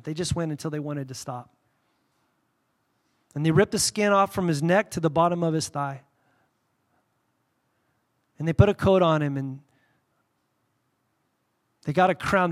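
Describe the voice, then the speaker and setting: Animated man preaching, pitch a bit high. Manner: animated, candid storytelling with sudden loud bursts and quiet reverent drops. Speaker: pastor. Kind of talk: sermon.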